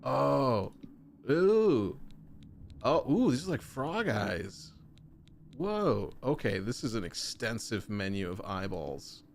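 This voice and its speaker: A man giving casual gameplay commentary as a streamer, chatty and breaking into excited oohs as he browses options. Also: fairly low pitch, a little slow, a little hiss or hum. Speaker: gaming streamer.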